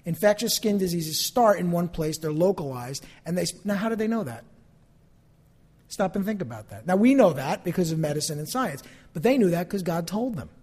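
An earnest male pastor preaching a sermon in a fairly high voice. He builds toward emphatic bursts and then drops back, and his words ring out with a long hall reverb from the church sanctuary. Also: expressive, brisk, darkish tone, breathy edge.

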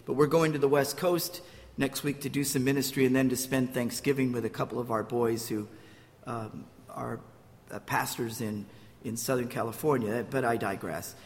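A man's voice: mid-range voice, steady tone, normal speed, big-room sound. An older man preaching a sermon, telling stories with restarts and acting out quotes. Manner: storytelling with restarts, acts out quotes. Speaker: pastor.

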